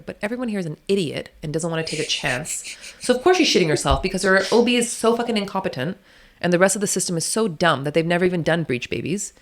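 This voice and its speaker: Fast-talking, low-voiced woman. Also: lively intonation. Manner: blunt, emphatic, swears freely; rapid, run-on storytelling. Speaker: doula, interview guest. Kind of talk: candid storytelling interview.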